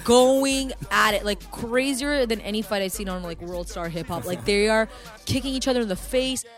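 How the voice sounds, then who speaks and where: A woman's voice: fairly high pitch, normal speed, soft background music. A woman from Canada telling a story in casual chat, acting out voices and swearing freely.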